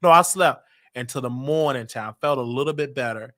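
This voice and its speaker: A man from Chicago with a Chicago accent, telling a personal story casually and acting out what people said with big jumps in his voice. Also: brisk. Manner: animated, acts out quotes with big pitch jumps.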